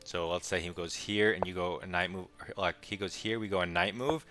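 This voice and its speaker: Brief: young man, very low bright voice, casual muttered game commentary, light music behind. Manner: quick, muttering play-by-play with wry asides. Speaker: chess streamer.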